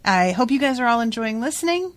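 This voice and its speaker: A woman's voice: a little high, very animated, fast talker. A young woman hosting a podcast, recapping a book in a chatty way and swearing freely. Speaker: podcast host.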